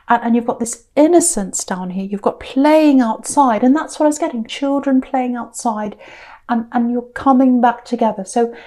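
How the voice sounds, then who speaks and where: A woman with a fairly high but mellow voice gives a casual tarot reading, thinking aloud as she goes. She often stumbles and restarts her sentences, and her soft, confiding tone keeps trailing off quieter. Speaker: tarot reader.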